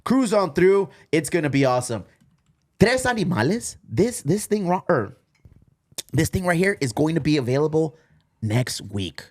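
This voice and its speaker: A man hosting a podcast in a small studio, joking around in casual chat. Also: normal speed. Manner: animated, joking, swinging pitch. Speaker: podcast host.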